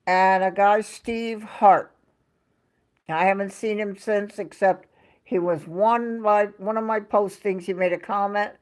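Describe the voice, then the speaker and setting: A woman's voice: mid-range voice, fairly even intonation, a little slow. A woman hosting a casual livestream from home, telling a rambling story and talking to her chat. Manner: rambling, chatty storytelling, reading out chat names. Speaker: livestream host.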